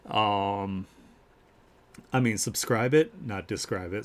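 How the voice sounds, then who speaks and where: A man hosts a live art share stream, chatting in a casual, upbeat way and gushing over each artwork, with plenty of fillers and restarts. His voice is fairly low, and he keeps a measured pace.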